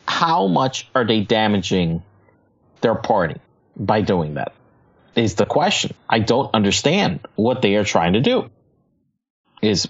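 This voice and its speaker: A woman co-hosting a casual political chat, excitable and stammering through restarts, sometimes swearing. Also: a bass voice, breathy edge, muffled recording.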